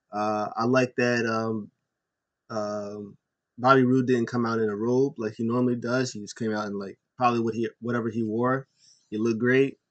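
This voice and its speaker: A man's voice: mid-range voice, muffled recording. A man hosting a casual video recap of a wrestling show, rambling with lots of ums and uhs and correcting himself as he goes. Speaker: YouTube host.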